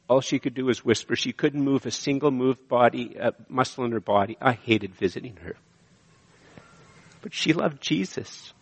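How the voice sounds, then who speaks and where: Impassioned male pastor in a reverberant church. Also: mid-range voice. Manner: impassioned, repetitive, swings from hushed to loud. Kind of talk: sermon. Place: church sanctuary. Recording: long hall reverb.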